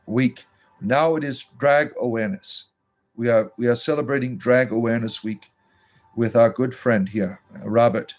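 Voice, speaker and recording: A man's voice: mid-range voice, a little mellow, low-quality recording. Male clergyman-host, live stream, over-the-top earnest with frequent laughs, faint music underneath. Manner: effusive, mock-sincere, laughs often. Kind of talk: live-stream chat with viewers.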